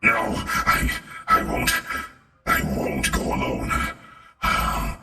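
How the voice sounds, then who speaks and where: A man voicing a villainous possessed creature with a shrieking, gravelly voice. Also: high-pitched, huge pitch swings, drawn-out words, sharp tone, echoey room, recorded from a distance, soft background music, pitched above the performer's own voice, heavily acted. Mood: defiant.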